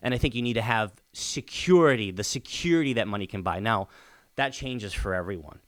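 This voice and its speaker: A man who is a father and hosts a podcast, talking alone with emphatic repetition and stretches of rising, excited urging. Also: a little fast. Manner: earnest, emphatic, repeats key phrases; builds to excited high-pitched urging. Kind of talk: motivational solo podcast talk.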